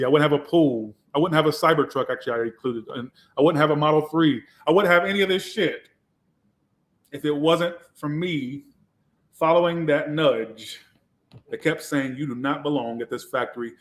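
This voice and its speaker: A man, a tarot reader from Georgia, telling his own story in a candid, reflective way with some swearing. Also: on the high side. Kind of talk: casual personal storytelling.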